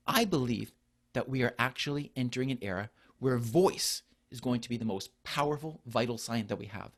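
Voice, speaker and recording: A middle-aged man delivers a conference talk as a doctor, earnest and explanatory. His pitch rises and falls freely, and he keeps posing rhetorical questions to the audience. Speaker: physician presenter. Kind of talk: conference presentation.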